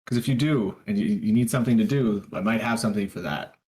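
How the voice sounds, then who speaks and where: A man's voice: on the low side, mellow. Hesitant man at a tabletop game. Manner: hesitant, halting. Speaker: player. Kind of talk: casual tabletop play.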